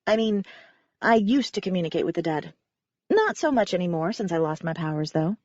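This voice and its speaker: A woman's voice: on the low side, lively intonation, brisk, a little mellow, no echo. A woman narrating a first-person audiobook in a wry, conversational way. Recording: dry, slightly dull recording.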